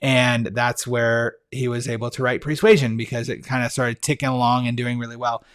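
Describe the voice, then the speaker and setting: A male podcast host talks in a relaxed, eager monologue, often pausing on fillers and restarting his sentences. His voice sits at an ordinary middle pitch. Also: smooth. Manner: enthusiastic, conversational, frequent fillers and restarts. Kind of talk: casual monologue recommending books.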